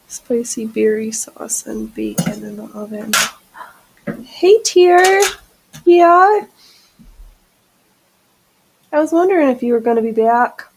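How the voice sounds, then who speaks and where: A woman's voice: vocal fry, a little mellow, husky, poor audio. A woman hosting a casual sewing stream, chatting and joking about herself as she stitches. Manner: chatty, self-mocking, talks to her cat in a high baby voice. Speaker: channel host. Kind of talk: casual sewing livestream chat.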